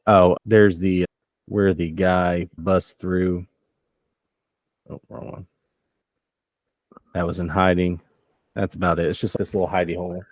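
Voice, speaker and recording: A man narrating a tabletop role-playing game as game master, relaxed and chuckling as he describes scenes. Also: sits low, unhurried, pauses often, no room sound.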